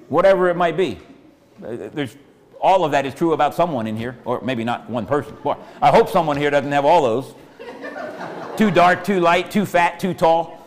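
Man, pastor, folksy sermon, slightly high voice, long church reverb. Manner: folksy, asks the congregation questions, repeats phrases. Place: church sanctuary.

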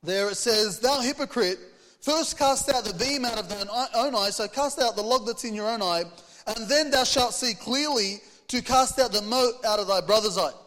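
A man's voice: very high voice, normal speed, a bit bright, in a large hall. A man preaching a sermon, reading scripture aloud and putting earnest rhetorical questions to the congregation. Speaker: pastor.

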